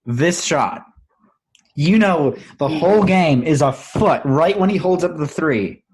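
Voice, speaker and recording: A man's voice: fairly high pitch, lively intonation, a little slow, a little mellow, slightly rough. A man hosting a casual film-discussion podcast over an online call, explaining scenes with enthusiasm. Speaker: podcast host.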